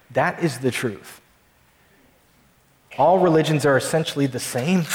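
A pastor preaching a sermon to his congregation, emphatic and slowing down to stress key lines. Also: on the high side, lively intonation, reverberant, long reverb tail.

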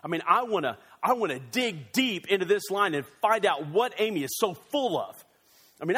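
A male pastor preaching a sermon in a church, animated and joking, with quick excited bursts. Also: sits high, husky, long reverb tail.

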